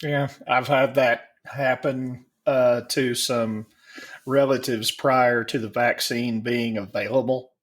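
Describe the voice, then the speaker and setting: A middle-aged man, a podcast co-host, speaking in a measured, blunt way in casual chat. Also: medium pitch, steady tone.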